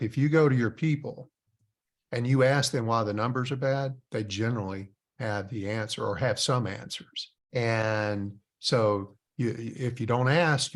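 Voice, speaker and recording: Blunt, emphatic middle-aged male host. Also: medium pitch. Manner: emphatic, blunt storytelling with mild profanity. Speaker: podcast host. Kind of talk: business podcast conversation.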